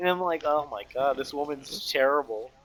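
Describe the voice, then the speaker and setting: Bright-voiced man chatting about comics. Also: a little high, normal speed. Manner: relaxed storytelling, quoting characters. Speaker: podcast co-host. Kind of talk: casual comic book discussion.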